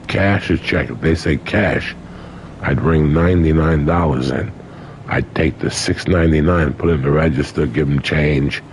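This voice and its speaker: A man's voice: very deep voice, a little mellow, a little hiss or hum, poor audio. An older man telling stories in a casual interview, colorful and profane, acting out other people's lines. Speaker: guest. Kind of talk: casual storytelling.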